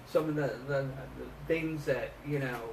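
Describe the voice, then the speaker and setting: A man's voice: a little high, steady tone, moderate pace. A man hosting a podcast, joking casually and hesitantly with a guest. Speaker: podcast host. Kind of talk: casual comedic chat. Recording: echoey room, distant mic, faint noise.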